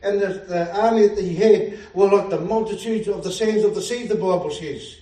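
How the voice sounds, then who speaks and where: The warm, high voice of a pastor carries at a moderate pace from a distant mic, bouncing around an echoey room. He preaches with fervor, frequently exclaiming hallelujah and chuckling at his own jokes.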